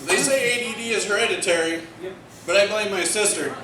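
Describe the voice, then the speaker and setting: A man performing a stand-up comedy set on a club stage, delivering one-liners and acting out bits in excited voices. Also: high voice, a little fast. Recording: roomy, distant, noisy club recording.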